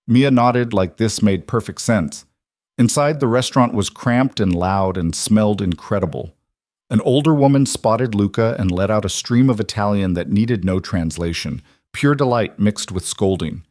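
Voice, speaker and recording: A man narrating a romance audiobook in a steady storytelling manner. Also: lowish voice, moderate pace, dry recording, clean studio sound.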